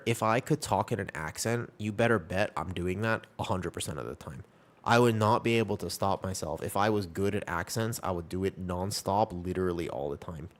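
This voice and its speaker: A young man streaming a game, chatting casually with his viewers in a rambling, upbeat and reassuring way. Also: low voice. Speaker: live streamer. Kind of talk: casual live-stream chat.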